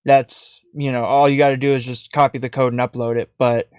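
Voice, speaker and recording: Smooth-voiced man in casual tech chat. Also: medium pitch, little pitch movement, brisk, darkish tone, no room sound, studio quality. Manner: hesitant, lots of restarts. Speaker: podcast co-host.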